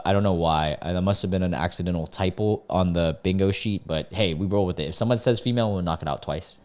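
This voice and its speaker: Speaking with a voice on the low side, a young commentary host reads online messages out loud. He reacts to them incredulously and sarcastically, with plenty of filler words.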